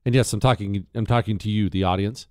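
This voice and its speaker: A man's voice: lowish voice, fairly even intonation, quick pace, darkish tone, no echo, studio quality. A man in his forties hosting a talk radio show, delivering a monologue with joking, self-mocking banter.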